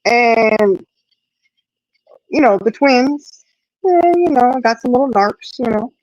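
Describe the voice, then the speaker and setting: A middle-aged woman, chatting casually and telling a lively story, acting out the voices in it. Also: fairly high pitch, slow, no echo, dull audio. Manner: animated storyteller, acts out quotes. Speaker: host. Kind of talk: casual chat.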